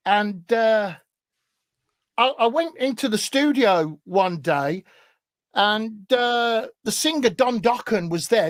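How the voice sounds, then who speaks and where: A man, a guest in casual chat, telling stories with animation and growing loud as he laughs. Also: sits high, no room sound. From England. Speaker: guest musician.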